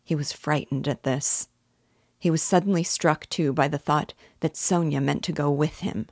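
Lady teacher reading a book aloud, low voice, steady and measured. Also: dry recording, clean studio sound. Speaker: literature teacher.

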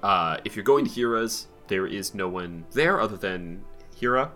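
A man narrating as game master of a tabletop game, relaxed and rambling, with many fillers. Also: lowish voice, moderate pace, faint music behind.

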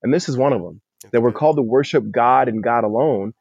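A man's voice: medium pitch, a little fast, creaky, a little mellow, slightly rough, no echo. Earnest man, dry muffled audio. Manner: earnest, repeats words as he thinks. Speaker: pastor. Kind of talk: casual podcast teaching. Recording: dry, dull lo-fi sound.

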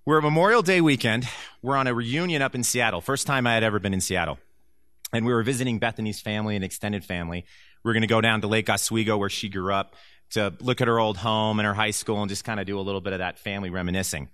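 A man of forty stands before a church group and tells his story in a candid, conversational way, with a wry, self-deprecating streak. His voice is bright and forceful. The sound is dry and close, with little room around it. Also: on the low side, quick pace, no echo. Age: 40s. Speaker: church elder giving a testimony. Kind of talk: personal testimony talk to a church group.

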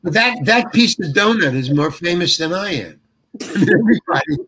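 A middle-aged man telling a story as an interview guest, acting out the quoted lines. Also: unhurried. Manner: animated, acts out quoted lines with jumps in pitch. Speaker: actor guest. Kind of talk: anecdotal storytelling.

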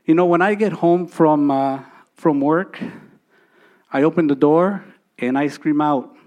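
A man preaching a sermon as a pastor, emphatic, repeating phrases and swinging between loud and soft delivery. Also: a little high, unhurried, muffled recording.

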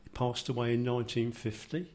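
An older man with a London accent, talking in a relaxed group chat and telling rambling, joking anecdotes. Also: mid-range voice, a little fast. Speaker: discussion participant. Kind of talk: casual group conversation.

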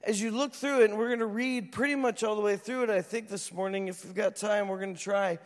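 A man preaching a sermon as pastor, telling stories in an animated way and acting out voices. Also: high-pitched, a little fast. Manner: animated storytelling, acts out voices. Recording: reverberant hall.

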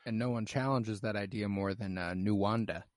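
A man's voice: on the low side, steady tone, moderate pace, no echo, clean studio sound. A young man in a casual film discussion who acts out lines he quotes.

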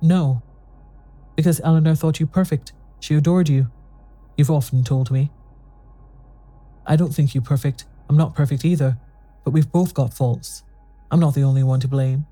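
A narrator voicing a proud, quick-tempered young wife who pleads and then lashes out in a quarrel. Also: mid-range voice, soft background music, natural voice. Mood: bitter. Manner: pleading, then sharp and bitter. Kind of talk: audiobook dialogue reading.

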